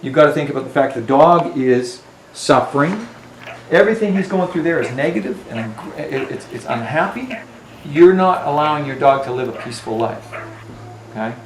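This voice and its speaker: A man's voice: fairly high pitch, lively intonation, normal speed, a little hiss or hum. A male dog trainer speaking emphatically to a dog owner in a home, often checking in with "Okay?". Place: indoors in a home. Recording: echoey room with faint ambience.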